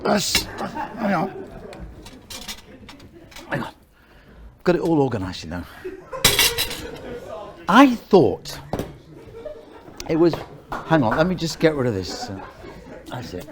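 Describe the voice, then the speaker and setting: A joking, fussy man runs a live cooking spot outdoors. His pitch jumps around a lot as he talks. Steady noise sits behind him throughout. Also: slow pace, long pauses. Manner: fussy, joking, keeps saying "hang on". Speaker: cooking show host. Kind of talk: chatty live cooking segment. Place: outdoor park cooking setup.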